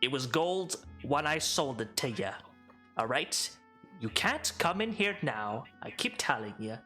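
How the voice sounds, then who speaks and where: A man's voice: mid-range voice, measured pace, bright, forceful tone, faint music behind. A man voicing a smug male satyr merchant who brushes off a customer's complaint. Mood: smug, dismissive. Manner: smug, dismissive, streetwise drawl. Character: smug male satyr vendor, bothered and dismissive.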